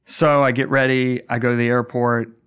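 A man's voice: flat delivery, normal speed, fairly bright tone, clean tone. Earnest middle-aged male pastor. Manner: earnest, emphatic, voice climbs high when stirred. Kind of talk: storytelling in a conversation.

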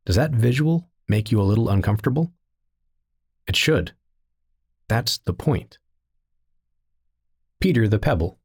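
A man giving a scripted teaching narration in a measured, deliberate reading style. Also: mid-range voice, lively intonation, a little mellow, husky.

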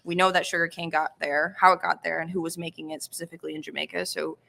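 A woman's voice: fairly low pitch, level tone, fast, gravelly, bright, forceful tone. A woman co-hosting a casual podcast, chatty and correcting herself as she talks. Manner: chatty, self-correcting, laughs often. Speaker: podcast co-host. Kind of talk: casual podcast chat about rum history.

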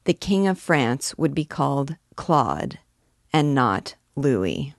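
A fiery, proud archdeacon holds forth in grand declaiming tones, as a woman reads him aloud. The voice sits low and moves slowly and deliberately, recorded close and dry with no room sound. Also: big pitch swings, creaky, no echo, exaggerated voice. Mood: brooding. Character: fiery, proud male archdeacon alchemist, middle-aged.

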